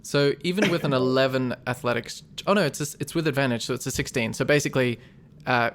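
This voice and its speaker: A man's voice: mid-range voice, fast talker. Laid-back male game master. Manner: relaxed, explains rules patiently, laughs often. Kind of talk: narrating a tabletop game.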